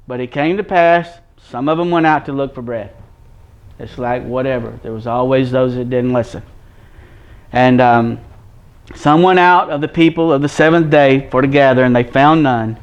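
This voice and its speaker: A man's voice: medium pitch, moderate pace. A man preaching a sermon, reading scripture in old wording and explaining it in plain, folksy talk straight to his listeners. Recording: dull lo-fi recording.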